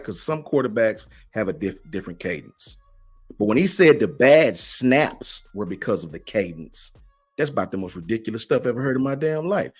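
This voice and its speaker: Guy ranting on his live stream, lots of "right?", pitch jumping all over, lil music underneath. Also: slightly rough. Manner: emphatic, repeats rhetorical questions; slangy, keeps asking "right?". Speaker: host of a college football fan channel. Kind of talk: livestream commentary with chat.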